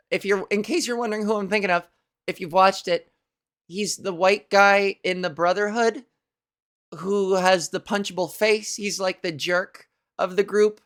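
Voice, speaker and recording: A woman's voice: mid-range voice, clean tone. A woman comedian hosting her own podcast, rambling through a profane comic monologue.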